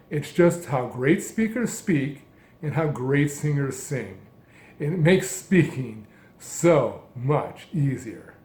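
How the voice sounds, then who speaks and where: A man giving a calm, measured lesson as a speech coach, speaking in deliberate phrases. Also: a little high, roomy sound. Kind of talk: instructional narration.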